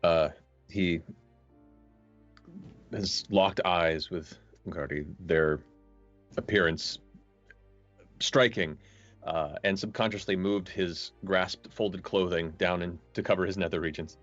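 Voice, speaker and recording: A man's voice: deep voice, fairly even intonation, slow pace, pauses often, no room sound. A man playing a tabletop game, hesitant and stumbling over his words. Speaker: player. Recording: dull lo-fi with faint music.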